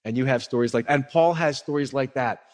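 A man preaching a sermon as a pastor, telling stories in a lively way and acting out the people in them. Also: mid-range voice, brisk. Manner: animated storyteller who acts out quotes. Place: church sanctuary. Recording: long reverb of a church hall.

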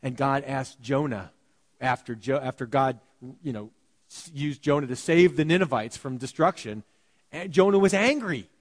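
A male pastor giving a sermon, talking casually and animatedly, often dropping to a hushed voice. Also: medium pitch, moderate pace, long reverb tail. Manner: animated, conversational preaching with sudden quiet drops. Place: church sanctuary.

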